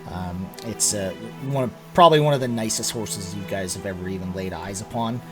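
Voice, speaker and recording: A man's voice: on the low side, a little fast, music in the background. A man narrating as game master of a tabletop game, describing scenes casually, with many fillers.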